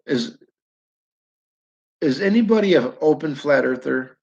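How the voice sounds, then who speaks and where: A man's voice: on the high side, animated, unhurried, creaky, darkish tone. A man hosting a casual live-stream chat, rambling and joking as he puts questions to his listeners. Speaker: host. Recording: dull lo-fi stream audio.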